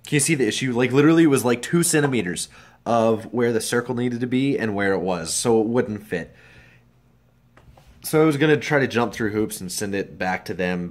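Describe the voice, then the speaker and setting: A young man vlogging casually about his computer upgrade and daily routine, swearing freely and swinging between muttered asides and loud, upbeat advice. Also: lowish voice. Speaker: vlogger and streamer. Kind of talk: casual vlog.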